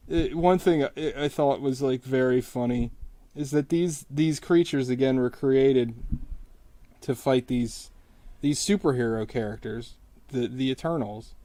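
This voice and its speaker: A man vlogging while he draws, ranting casually about a movie in a rambling, profane way, his voice jumping up in pitch when he gets exasperated. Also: dark tone. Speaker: artist vlogger. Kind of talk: casual rant while drawing.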